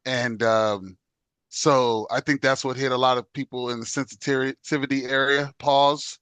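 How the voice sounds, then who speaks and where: A man's voice: medium pitch, steady tone, measured pace, fairly bright tone, smooth, no echo. A man co-hosting a casual podcast who talks in a hesitant way, stopping and starting. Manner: hesitant, with many fillers and restarts. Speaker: podcast co-host. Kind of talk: casual chat.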